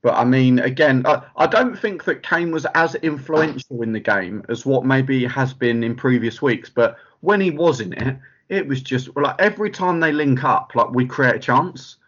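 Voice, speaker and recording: A man's voice: mid-range voice, expressive, moderate pace, few pauses, fairly bright tone. A man in a casual chat, peppering his talk with "like". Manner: chatty, lots of "like" fillers. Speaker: podcast co-host. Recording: dull lo-fi audio.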